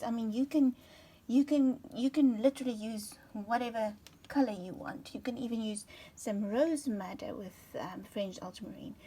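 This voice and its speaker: A woman's voice: fairly high pitch, dark tone, a little hiss or hum. A woman giving a casual watercolour tutorial, chatting and sometimes dropping to a half-whisper as she writes, slightly out of breath. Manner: chatty, drops to a half-whisper while writing. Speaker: watercolour art teacher.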